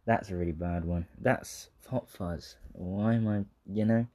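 Low-pitched, mellow and unhurried, a young man with a southern English accent rambles casually through a monologue. He swears freely, laughs often and keeps drifting into tangents, and he comes from southern England.

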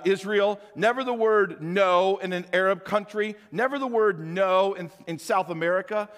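An older man preaching a sermon as a pastor, talking conversationally with animated rhetorical questions. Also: sits high, long reverb tail.

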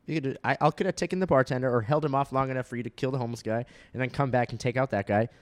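A man's voice: mid-range voice, fairly even intonation, racing, no room sound. Laid-back young man with a dry voice. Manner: laid-back, joking, laughs often. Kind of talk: casual chat.

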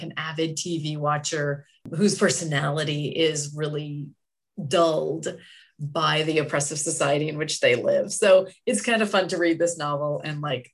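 A woman who is a book club regular, explaining her thoughts in a calm, considered way. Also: low voice. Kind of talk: casual book club chat.

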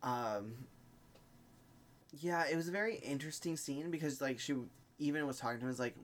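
A man's voice: on the high side, brisk, a little hiss or hum. A man co-hosting a podcast in casual chat, recapping a TV episode's plot step by step with frequent filler sounds. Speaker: podcast co-host.

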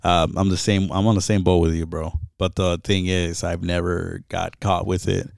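A man's voice: sits low, flat delivery, normal speed, gravelly, darkish tone, no room sound, studio quality. A man co-hosting a casual chat, laid-back, chiming in with short agreements and telling his own story.

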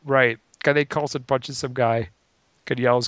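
A man's voice: mid-range voice, moderate pace, fairly bright tone, dry recording. A man co-hosting a podcast in casual chat, chipping in short remarks and dry joking asides. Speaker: podcast co-host.

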